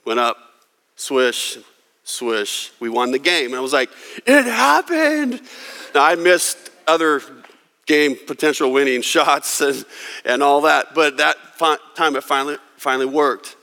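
A man from California preaching a sermon, telling stories with emphatic, dramatic pauses. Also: mid-range voice, steady tone, bright, forceful tone. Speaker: pastor. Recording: long reverb of a large hall.

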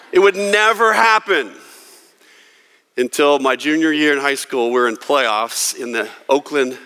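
A man from California preaching a sermon, telling stories with emphatic, dramatic pauses. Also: mid-range voice, pushed and bright. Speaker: pastor. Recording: long reverb of a large hall.

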